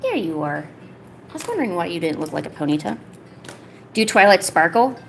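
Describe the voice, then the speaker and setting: A woman in her thirties, chatting casually on a livestream while she sketches, rambling with lots of filler words and cooing softly to her pet. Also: fairly low pitch, very animated, a little fast, vocal fry, a little hiss or hum. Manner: soft, doting talk to her pet. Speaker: artist streamer.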